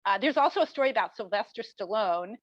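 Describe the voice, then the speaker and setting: A middle-aged marketing professor, appearing as a podcast guest, answers interview questions at a quick clip in a mid-range voice. She tells stories with animation, acting out the people she quotes, and the recording is dry, dull and lo-fi.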